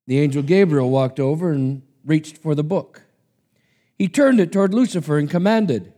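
A man's voice: a little high, normal speed, warm tone. A man preacher giving a sermon and reading a story aloud in an emphatic, dramatic way. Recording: long hall reverb.

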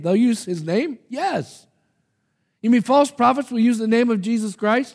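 A man preaching a sermon, reading scripture aloud and swinging from hushed asides to loud, emphatic passages. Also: very high-pitched, a little slow, gravelly. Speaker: pastor.

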